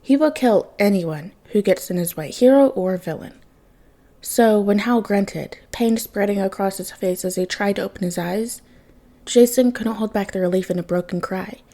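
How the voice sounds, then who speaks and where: Sex: woman. Role: podfic reader. Style: fan fiction read aloud. Tone: mellow, mid pitch. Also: moderate pace.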